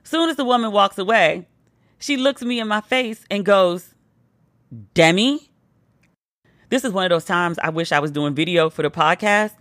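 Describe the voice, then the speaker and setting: Tipsy woman podcast host, animated storytelling. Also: mid-range voice, a little fast, no echo, studio quality. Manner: animated, playful, mimics friends' voices. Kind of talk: casual storytelling monologue.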